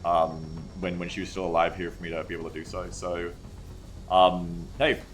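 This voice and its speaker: A man's voice: low voice, level tone, normal speed, faint music behind. A man streaming live and chatting casually. He reads chat aloud, rambles, and swears freely.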